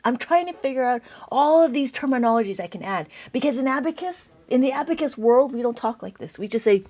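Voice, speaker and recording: A woman teaching an abacus lesson on a live stream, reading out viewer comments, speaking loudly and with enthusiasm. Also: high voice, animated, brisk. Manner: loud, enthusiastic, passionate.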